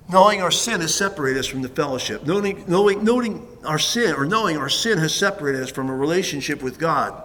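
A man preaching a sermon as pastor, emphatic, swinging between hushed asides and loud stresses. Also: fairly high pitch, big-room sound, low-quality recording.

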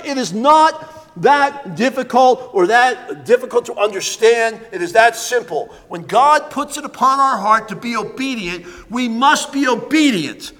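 High-voiced preaching man in a hall. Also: animated, a little slow, fairly bright tone. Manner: emphatic, repetitive preaching with fillers. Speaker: pastor. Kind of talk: sermon.

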